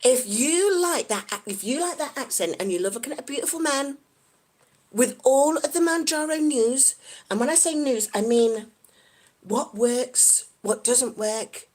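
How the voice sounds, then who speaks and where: Woman vlogger from the UK, live chat, high and very animated, giggly and excitable. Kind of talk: casual live-stream chat.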